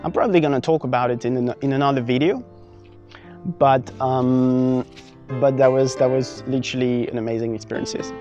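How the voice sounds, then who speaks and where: A man's voice: mid-range voice, moderate pace, lo-fi sound, faint music behind. Chatty young man telling his story. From France. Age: young adult. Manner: animated, many fillers and restarts, acts out his own past lines. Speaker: vlogger. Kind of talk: casual personal storytelling.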